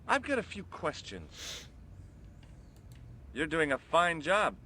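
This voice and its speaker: A curious, wisecracking amateur sleuth in an adventure game, firing off wry questions. His pitch swings widely and animatedly, with a faint hiss in the background. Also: heavily acted. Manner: lively, quick and wry. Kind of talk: video game voice acting.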